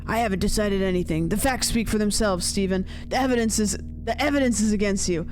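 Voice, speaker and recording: A woman's voice: medium pitch, fast talker, a little mellow, faint music behind, natural voice. A woman voicing a blunt, accusing male police sergeant in a game, in a voice near her own. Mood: stern. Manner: firm, accusing, matter-of-fact.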